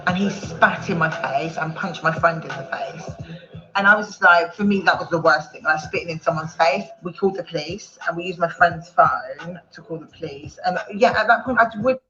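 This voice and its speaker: A woman telling a personal story on a panel, rambling and halting, with many fillers and restarts. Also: lowish voice, pushed and bright, muffled recording. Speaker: panel guest.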